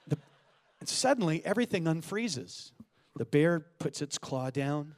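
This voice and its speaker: A middle-aged man from California preaching a sermon as a guest pastor, energetic and joking, calling for amens. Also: a little high, measured pace, gravelly.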